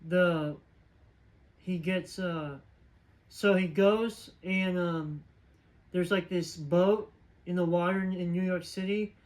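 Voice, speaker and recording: High-voiced man rambling through a plot recap. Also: fairly even intonation, takes it slowly, pauses often, rough recording. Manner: rambling, filler-heavy retelling. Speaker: movie reviewer. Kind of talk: casual movie plot recap.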